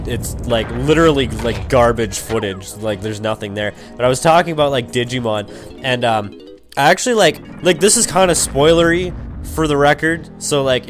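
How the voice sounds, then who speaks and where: A young Canadian man, mid-pitched, talking loosely to his viewers as he plays, with "like" in nearly every phrase. He drifts from one thought to the next in a casual, unscripted way. Faint game music plays under his voice. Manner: rambling, heavy on "like" and swearing. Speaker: let's play commentator. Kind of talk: casual gameplay commentary.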